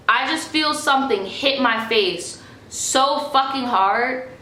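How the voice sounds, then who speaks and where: Bright-voiced young woman, blunt and profane. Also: on the high side. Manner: blunt and profane, acting out quoted lines with rising emotion. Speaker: vlogger. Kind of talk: casual storytime monologue. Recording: echoey room with faint music.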